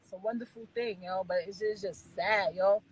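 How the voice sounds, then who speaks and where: A woman's voice: medium pitch, steady tone, fairly quick, a little hiss or hum, low-quality recording. A woman in her forties, ranting bluntly and profanely at her viewers on a phone live stream.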